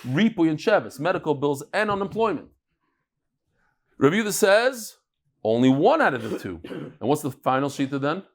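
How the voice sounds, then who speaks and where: A man giving a daily Talmud lecture, explaining cases and telling jokes in a lively, storytelling way. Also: fairly high pitch, moderate pace, long pauses. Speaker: Talmud teacher.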